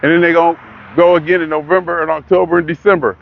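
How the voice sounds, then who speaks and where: An older man, rambling in a casual monologue that builds into excitement. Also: on the high side, fast, gravelly, muffled recording. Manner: rambling, talks himself into excitement. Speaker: vlogger.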